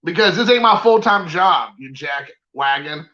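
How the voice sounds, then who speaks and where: A man's voice: a little high, animated, moderate pace, pushed and bright, lo-fi sound. A man hosting a collector vlog, talking in an exasperated, rambling and slangy way. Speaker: collector channel host. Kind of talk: casual ranting vlog.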